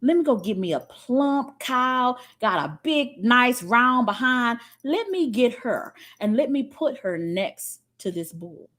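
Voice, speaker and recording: A woman voicing a calculating male farmer in a spoken parable, talking in a measured, matter-of-fact way. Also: on the high side, lively intonation, fairly bright tone, full character voice. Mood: planning.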